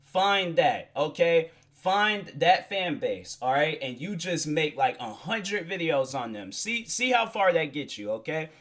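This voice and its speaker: A man's voice: a little high, sing-song, measured pace, fairly bright tone. A young man hosting a solo podcast, talking in a casual, rambling, earnest way with many fillers and restarts. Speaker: podcast host.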